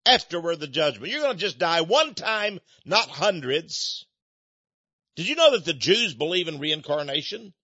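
An older man from the United States delivers a fiery radio sermon in a high, sharp voice. He preaches fervently, shifting from loud outbursts to low muttered asides. The recording is dry and dull, with a lo-fi radio sound. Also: dry recording.

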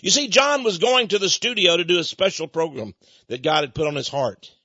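A man preaches, telling a story with a husky voice that swings widely in pitch. He chuckles between points and asks his listeners questions. The recording is dull and lo-fi. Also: expressive, brisk, pushed and bright, dry recording. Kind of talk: sermon storytelling.

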